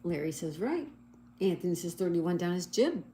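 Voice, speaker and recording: A woman's voice: on the low side, sing-song, normal speed, warm tone, a little hiss or hum. A middle-aged woman hosting a casual livestream, reading out viewer comments and spelling crossword answers letter by letter in a cheerful, chatty way. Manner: apologetic over slips. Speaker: livestream host.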